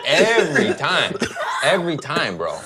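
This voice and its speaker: A man, a guest comedian, who is high and tells jokes in a deadpan, halting way during a casual chat. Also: a loud crowd.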